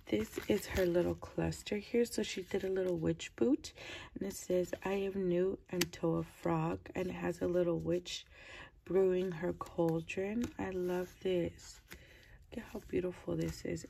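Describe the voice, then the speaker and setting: A woman chatting casually as she opens craft mail, gushing over each piece and keeping her voice low early in the morning. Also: fairly even intonation, a little slow, vocal fry, mellow, a little hiss or hum. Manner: gushing, keeps low to avoid waking her child. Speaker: crafting vlogger opening mail. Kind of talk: casual unboxing chat.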